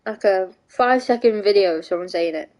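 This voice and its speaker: A woman's voice: medium pitch, moderate pace, a little mellow, rough recording. A young woman streaming, chatting casually and rambling, with frequent restarts and casual swearing. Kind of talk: casual live-stream chat.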